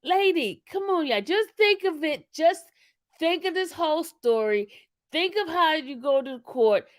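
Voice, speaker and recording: High-voiced animated woman commentator. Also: measured pace. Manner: animated, laughing often, addresses audience as y'all. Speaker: commentary channel host. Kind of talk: casual commentary to viewers.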